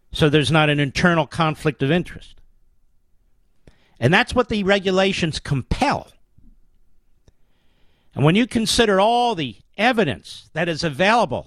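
A man with a fairly high voice delivers a forceful, declamatory political monologue as a talk show host. He hammers his points home with repeated phrases. The recording is dry and close, with no room echo. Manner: emphatic, declamatory, heavy rhetorical repetition.

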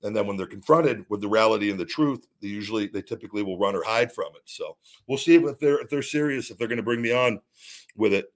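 Speaking fast in a lowish voice, the middle-aged host of his own talk show tells a rambling, profane and blunt story solo and casually, acting out the words of others as he quotes them.

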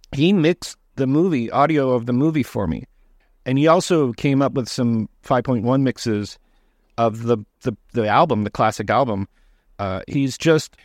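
Halting man talking about his film. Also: mid-range voice, a little mellow, dry recording, studio quality. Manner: halting, many restarts and fillers. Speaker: documentary director. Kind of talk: casual interview answers.

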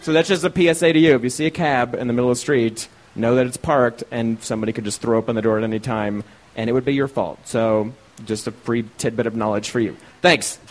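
A man's voice: mid-range voice, steady tone, fast, slight background noise. A man telling a profane, comic story live on stage, laughing through it. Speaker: co-host and storyteller. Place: live show at a small venue.

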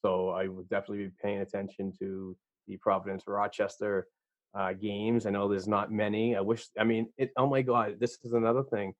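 A low-pitched man with a Boston accent rambles animatedly as a podcast guest, restarting his sentences as he goes. His voice comes through a dull, lo-fi remote line, dry with no room sound. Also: little pitch movement, a little fast, no echo. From Boston area, USA. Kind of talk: casual chat.

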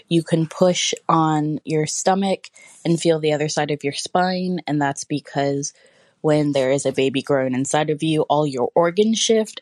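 Low-voiced woman caller from Ohio. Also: a little mellow, no echo. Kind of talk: recorded listener message.

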